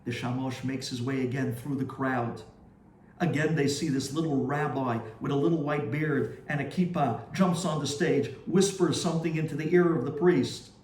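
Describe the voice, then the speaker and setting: A man, a rabbi, telling a story in a sermon with animated, dramatic delivery. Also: mid-range voice, moderate pace, recorded from a distance. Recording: roomy echo, faint ambience.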